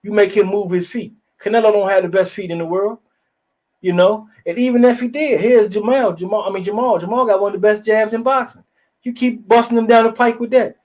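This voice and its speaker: A man hosting a casual boxing talk show, blunt and profane, telling animated stories. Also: sits high, fairly quick. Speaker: podcast host.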